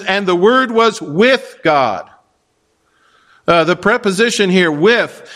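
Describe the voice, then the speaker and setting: A man delivering a verse-by-verse sermon, his voice sitting a little higher than most men's. He speaks in a measured, emphatic way, stressing key phrases and slipping in the odd dry aside. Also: fairly bright tone. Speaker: pastor. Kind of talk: expository sermon.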